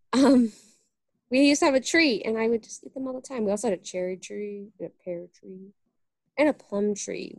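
A woman's voice: medium pitch, a little mellow, no room sound. A young woman co-hosting a podcast in casual chat, giggly and talkative, with lots of "like". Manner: chatty, giggly, heavy use of "like". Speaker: podcast co-host.

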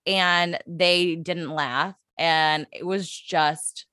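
Young woman co-host, lowish voice, dry close sound, blunt and profane, animated storyteller. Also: very slow, clear, resonant tone, dry recording. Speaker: podcast co-host. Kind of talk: casual chat.

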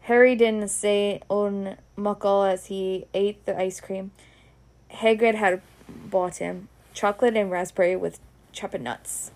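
A Scottish woman reads a children's story aloud in broad dialect. Her voice is gravelly and her pace slow and deliberate, at a middling pitch. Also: steady tone, a little mellow. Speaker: reader. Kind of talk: storybook reading.

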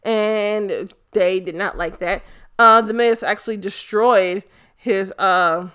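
A woman giving a casual, excited and profane recap of a wrestling event, rambling with lots of fillers. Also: medium pitch, slow pace, clean tone. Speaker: fan commentator.

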